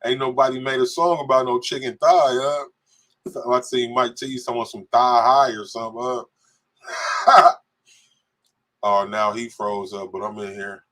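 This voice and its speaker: A man's voice: medium pitch, steady tone, measured pace, long pauses, a bit bright. A man co-hosting a casual podcast, reading viewer comments aloud and joking with a laugh. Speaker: podcast co-host reading live chat. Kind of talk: casual live-stream chat.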